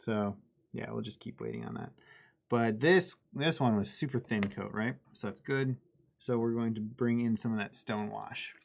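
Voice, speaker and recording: A man with a gravelly, mid-range voice chats casually at a moderate pace while painting miniatures on a live stream. He's talkative and self-deprecating, laughing easily at himself as he works.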